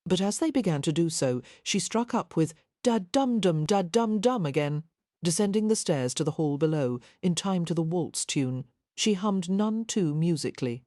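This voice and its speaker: Low, dark-voiced woman narrator. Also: expressive, normal speed, no echo, studio quality. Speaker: audiobook narrator. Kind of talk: scripted narration.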